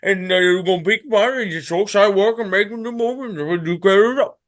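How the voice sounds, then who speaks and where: A man doing a loud garbled English gangster. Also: high voice, very fast, pitched above the performer's own voice, close to an everyday voice. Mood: excited.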